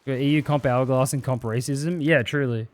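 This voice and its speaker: A man's voice: medium pitch, steady tone, moderate pace. A man streaming live, chatting casually and swearing freely as he reads viewer messages aloud and jokes about them.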